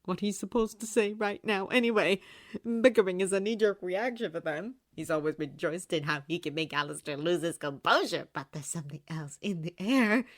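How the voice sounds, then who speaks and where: A woman reading fanfiction aloud in an animated storytelling manner, close to the microphone. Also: fairly low pitch, moderate pace, no echo. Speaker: audiobook reader. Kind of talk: fanfiction narration.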